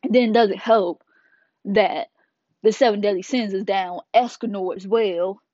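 A woman hosting a casual manga review video, slangy and playful, retelling scenes with quick asides. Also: medium pitch, steady tone, mellow, no echo. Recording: dull lo-fi dry sound.

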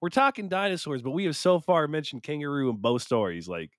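A man's voice: a little high, sing-song, a little fast, no room sound, clean studio sound. Laid-back joking male podcast host. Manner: laid-back, joking, laughs often, stumbles over hard words. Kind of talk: casual podcast chat, reading accounts aloud.

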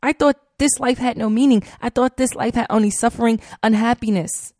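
A woman's voice: a little high, steady tone, fairly quick, darkish tone, dry recording. A woman hosting a podcast, telling a heartfelt personal story in an earnest way, with many fillers and repeated phrases, on a close mic. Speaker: podcast host.

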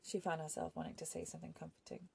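A woman narrating an audiobook in a measured, even storytelling manner. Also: deep voice, creaky, a little hiss or hum.

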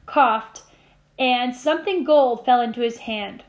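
A woman teacher reading a novel aloud to her class, with steady storytelling and small slips she corrects. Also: a little high, unhurried, lo-fi sound.

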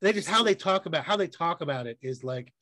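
High-voiced man swearing through casual chat. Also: quick pace, dry recording. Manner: profane, animated storytelling with acted quotes. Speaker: podcast co-host.

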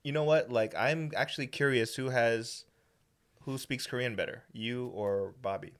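Animated co-host man, casual swearing. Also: medium pitch, moderate pace. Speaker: podcast co-host. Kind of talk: casual podcast chat.

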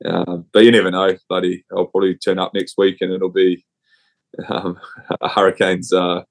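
A man's voice: deep voice, little pitch movement, moderate pace, creaky. A young man with a New Zealand accent and a cold, chatting in a rambling, slangy, laid-back way as a podcast guest. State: has a cold. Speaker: rugby player guest. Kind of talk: casual chat.

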